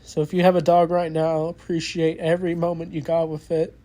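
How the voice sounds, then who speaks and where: A movie reviewer in a casual spoken review, earnest and openly emotional, halting with many restarts and fillers. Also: medium pitch, flat delivery, dark tone.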